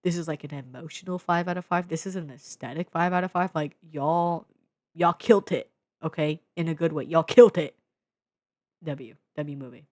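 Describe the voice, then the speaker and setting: Low-voiced excitable young woman reviewer. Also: a little fast, dry recording. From Bay Area, US. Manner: excitable, swears freely, slangy, many fillers. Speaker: vlogger reviewing media. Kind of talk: casual media review. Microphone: own desk mic.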